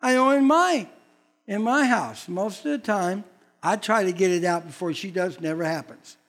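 A man's voice: sits high, moderate pace, fairly bright tone. An older man, a pastor, preaching a sermon in a folksy, blunt manner and acting out quoted voices.

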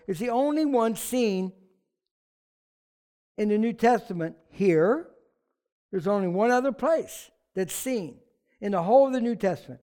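A preacher from the United States giving a sermon, conversational and animated, with jokes and asides. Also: mid-range voice. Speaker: pastor.

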